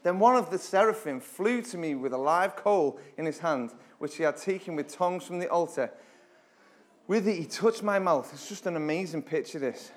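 A fairly high-voiced man leads a casual Bible teaching in a church. His talk is chatty and conversational, with sudden loud, emphatic bursts. When he reads scripture he slows down and gives it drama. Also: animated. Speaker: preacher.

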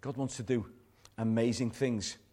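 During a live church service, a pastor delivers an earnest, repetitive sermon, his phrases trailing off softly at the ends. His voice is mid-range, with fairly even intonation and a normal pace.

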